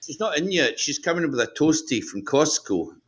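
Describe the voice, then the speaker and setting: A man's voice: a little high, expressive, moderate pace, slightly rough. Scottish guy on a video call, lots of ums, voice bouncing up and down. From Scotland. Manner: hesitant, many ums and restarts. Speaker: guest. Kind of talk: casual video call chat.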